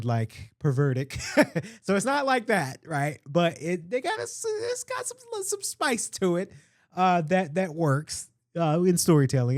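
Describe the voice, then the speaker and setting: A man's voice: fairly high pitch, no echo, studio quality. A man hosting a casual solo podcast, rambling and chatty, with lots of fillers and restarts. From Atlanta area, US. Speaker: podcast host.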